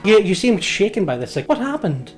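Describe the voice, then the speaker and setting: A man's voice: high voice, very animated, brisk, voice pushed up. A man doing a flustered 1930s lawyer. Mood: shaken. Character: grieving male 1930s lawyer, polite then furious.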